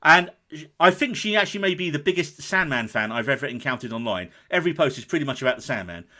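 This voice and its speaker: Speaking quickly at medium pitch, an English podcast co-host banters casually. He's upbeat and full of jokes as he goes through listener comments.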